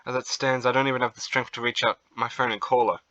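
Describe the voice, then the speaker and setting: A young man reading a visual novel aloud as its narrator, then breaking into excited, flustered reactions. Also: mid-range voice, fast talker, no echo, lo-fi sound.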